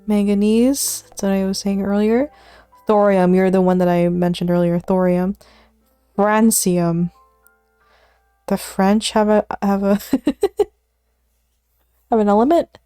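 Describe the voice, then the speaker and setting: Her mid-range voice is mellow and smooth, with no echo, as this woman chats casually on a study stream. She mutters element names to herself, often slips into a whisper, and laughs self-deprecatingly whenever she gets something wrong.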